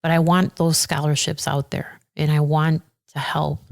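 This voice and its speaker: Earnest lady judge, low voice, chatting on a podcast. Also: moderate pace, vocal fry. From Aurora, Illinois. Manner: earnest and heartfelt, animated when quoting others. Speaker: circuit judge, podcast guest. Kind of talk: casual interview conversation.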